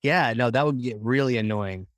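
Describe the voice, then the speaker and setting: A man's voice: mid-range voice, normal speed, dry recording. Joking man podcast host, dry sound. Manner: friendly, joking interviewer. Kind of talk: casual podcast interview.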